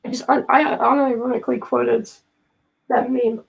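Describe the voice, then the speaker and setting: A woman's voice: a little high, flat delivery, normal speed, creaky, husky, poor audio. A woman chatting casually on a live stream. She rambles, jokes and gets easily sidetracked.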